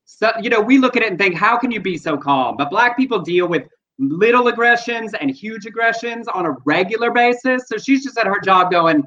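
A man's voice: high voice, expressive, brisk, bright, forceful tone. A man co-hosting a casual news chat show, explaining his views earnestly and at length. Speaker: podcast co-host. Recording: dull lo-fi sound.

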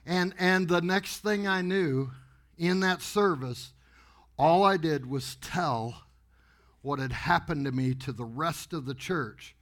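Pastor guy, slow drawn-out delivery, super animated storytelling sermon in church. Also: a little high. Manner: animated, exuberant, laughing storyteller. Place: church sanctuary before a congregation.

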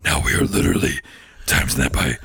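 A man's voice: fairly quick, noisy background, lightly acted. A man voicing a goofy, laid-back male Satan in an improvised comedy bit, with a guttural, throaty voice and a lazy drawl that breaks into laughs. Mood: smug.

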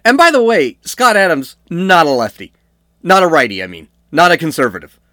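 A man's voice: on the high side, sing-song, brisk, pushed and bright, no echo, clean studio sound. A man hosting an opinionated commentary show, arguing his point through repeated rhetorical questions. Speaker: political commentary host.

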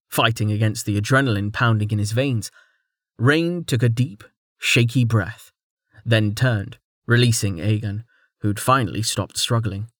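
A man narrating a fantasy webnovel as an audiobook with a steady storytelling delivery on a close mic. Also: on the low side, a little slow, dry recording. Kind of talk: scripted narration.

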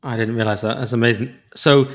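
A man's voice: mid-range voice, steady tone. A man co-hosting a podcast, chatting casually and reacting with restarts. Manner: conversational, with restarts and quick reactions. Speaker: podcast co-host. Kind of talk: casual chat.

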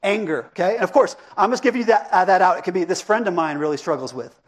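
High-voiced pastor preaching conversationally. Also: male voice, fast. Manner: conversational, asks the congregation questions. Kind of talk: interactive sermon.

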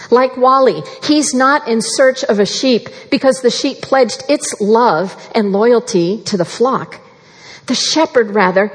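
A woman preaching a sermon in an earnest, measured way, slowing down to stress key phrases. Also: on the high side, breathy edge. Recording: long reverb of a large hall.

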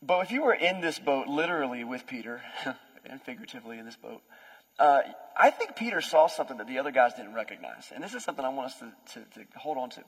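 Young pastor guy giving a chatty sermon, kinda husky, big reverby hall. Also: mid-range voice, fast. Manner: lively, conversational storytelling with playful voices.

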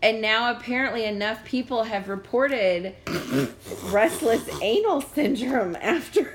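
A woman's voice: on the high side, slow pace. A young adult woman co-hosting a podcast, telling stories in casual chat and laughing often. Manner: animated, laughs often, storytelling. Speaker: podcast co-host.

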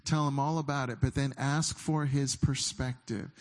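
Male preacher, mid-range voice, informal and halting, slows down for emphatic readings. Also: mid-range voice, steady tone, darkish tone. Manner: conversational, with halting restarts and slowed emphatic scripture reading. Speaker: pastor. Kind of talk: sermon.

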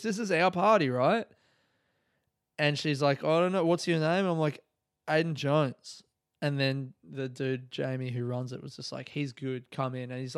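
A man's voice: medium pitch, clean tone, dry recording, clean studio sound. A man, a comedian hosting his podcast, telling meandering, profane, nostalgic stories in a casual monologue.

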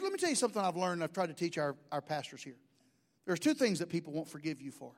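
A middle-aged man, preaching a sermon in a folksy, joking storytelling way. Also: high-pitched. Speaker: pastor.

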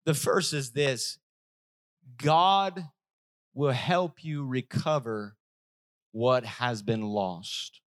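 A male pastor preaching a sermon with emphatic delivery, repeating phrases and swinging from loud, raised lines to soft, quiet ones. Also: mid-range voice, drawn-out words, pauses often. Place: church service.

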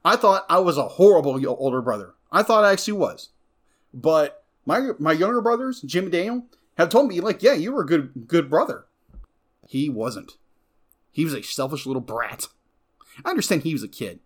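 A man's voice: a little high, expressive, normal speed. Heated ranting male film reviewer. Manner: heated, ranting, voice swings up when angry. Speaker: co-host. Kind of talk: passionate film review chat.

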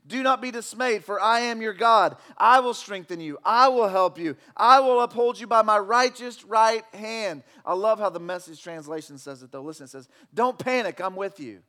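A man's voice: sits high, normal speed, few pauses, bright, forceful tone. A middle-aged male pastor preaching a sermon, earnest and repetitive, building to emphatic declarations.

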